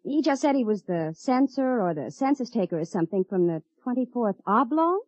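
Chatty, teasing young secretary, lively high voice, breathy, dry and muffled old radio. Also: female voice, brisk, no room sound. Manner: chatty, breezy, playful. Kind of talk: 1950s radio drama acting. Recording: muffled vintage radio recording.

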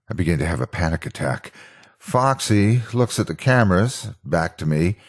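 A man reading a first-person horror story aloud as narrator, in a measured, dramatic way. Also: low-pitched.

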